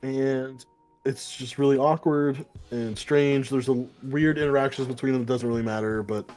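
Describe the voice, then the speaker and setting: A man chats casually on a podcast, retelling a comic issue in loose, run-on bursts. His voice is dark and mellow. Faint music plays beneath the talk. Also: mid-range voice, fairly even intonation. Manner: rambling retelling with quick put-on voices and swearing. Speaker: podcast co-host. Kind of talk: casual comic book chat.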